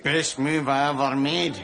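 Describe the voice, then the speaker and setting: A cocky Glasgow drinker. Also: male voice, mid-range voice, fairly bright tone. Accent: Glaswegian. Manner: boastful, leering. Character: boastful middle-aged Glasgow drinker, cocky. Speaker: sitcom character. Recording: studio audience laughter behind.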